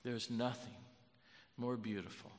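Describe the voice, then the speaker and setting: A man preaching a sermon as pastor, moving between hushed storytelling and loud, fervent preaching. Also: medium pitch, steady tone, unhurried, big-room sound.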